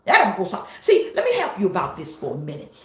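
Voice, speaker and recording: A woman pastor preaching a live-streamed sermon, emphatic and repetitive, sometimes breaking into shouts. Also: medium pitch, wildly swooping pitch, quick pace, reverberant.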